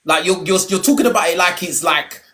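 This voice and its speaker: A man's voice: sits high, a little fast, a bit bright. A man hosting a live online debate, talking in slang and often repeating words. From Nigerian heritage, raised in London. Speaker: debate host.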